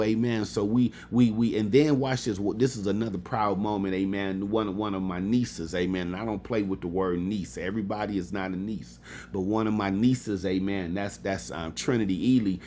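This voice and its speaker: Motivational host, man in his fifties, low voice, preacher cadence with "amen" asides, faint room noise. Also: darkish tone. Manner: peppers talk with "amen", addresses audience directly.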